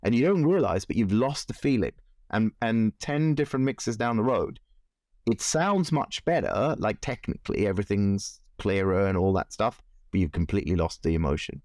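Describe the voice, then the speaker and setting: A man in his forties, a musician being interviewed, telling animated stories with frequent laughs. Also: lowish voice, normal speed, no room sound, clean studio sound. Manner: animated anecdotes, laughs often, acts out quoted voices. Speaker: musician guest. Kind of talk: casual interview storytelling.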